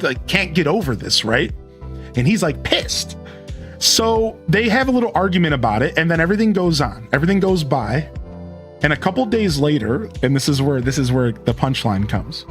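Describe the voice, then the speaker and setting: A man's voice: mid-range voice, a bit bright. A young man streaming a game, chatting casually and retelling a story with lots of fillers. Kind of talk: casual chat while playing.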